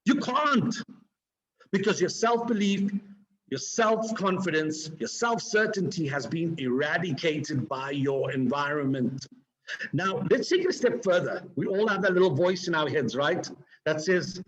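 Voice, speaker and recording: A man giving an energetic, preachy motivational talk to a live online audience, swinging his pitch and pace for emphasis. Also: unhurried, highs cut off. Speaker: motivational speaker. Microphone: video call.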